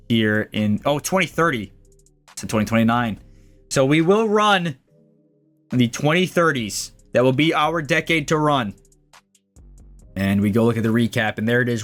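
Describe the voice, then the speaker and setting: Man doing excited game play-by-play. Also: mid-range voice. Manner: excited play-by-play, rising to shouts at big plays. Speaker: gaming YouTuber. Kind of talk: casual game commentary. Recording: faint music behind the voice.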